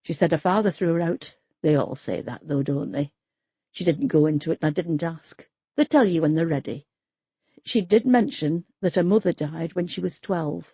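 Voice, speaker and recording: A woman's voice: deep voice, normal speed, breathy edge, no echo, muffled recording. A woman voicing a blunt, gossipy middle-aged street worker, in an audiobook. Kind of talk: audiobook character voice.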